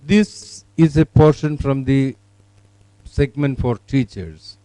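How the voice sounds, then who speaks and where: Presenter: man, halting product demo, mellow tone, dry close sound. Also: mid-range voice, no echo, rough recording. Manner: halting, many fillers. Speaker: software presenter. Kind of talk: product demonstration.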